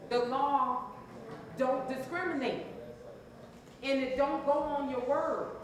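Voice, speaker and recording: Speaking slowly in a high voice with fairly even intonation, this woman coaches a live audience at a motivational seminar, asking for responses and repeating key phrases. A crowd can be heard in the background, and the hall echoes heavily.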